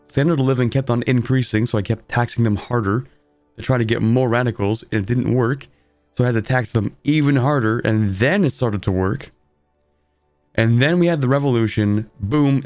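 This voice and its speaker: Streamer, young man, lowish voice, dry close sound, drowsy rambling game commentary. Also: a little mellow, no echo. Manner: sleepy, rambling, self-deprecating.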